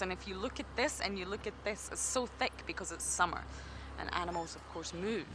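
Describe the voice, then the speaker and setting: A woman's voice: medium pitch, bright, forceful tone, slight background noise. A Scottish woman from Scotland, a safari guide giving chatty, good-humoured live game drive commentary. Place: outdoors in an open game vehicle.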